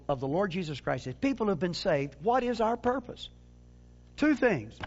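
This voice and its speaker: Lively, emphatic male preacher. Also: muffled recording. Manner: lively, emphatic, with sudden drops to low quiet phrases; frequent repeated words and restarts. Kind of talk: sermon.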